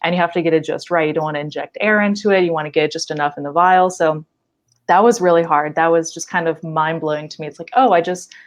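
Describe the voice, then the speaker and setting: Young woman with a low voice, chatty, lots of "like", laughs while telling field stories. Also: fast talker. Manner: animated storytelling with frequent likes and laughs. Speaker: wildlife biologist guest. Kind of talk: casual podcast chat.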